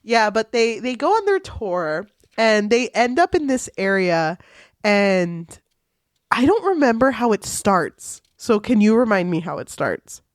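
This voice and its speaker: A woman's voice: medium pitch, very animated, a little slow, dry recording, studio quality. A young woman co-hosting a casual book podcast, playful and giggly as she quotes characters. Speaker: podcast co-host.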